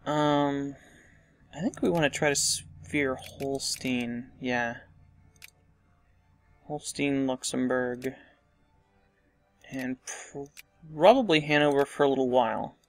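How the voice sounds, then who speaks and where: A man's voice: medium pitch, slow pace, pauses often, dry recording, soft background music. A man casually commenting on a strategy game as he plays, thinking aloud and muttering asides to himself. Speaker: let's play host.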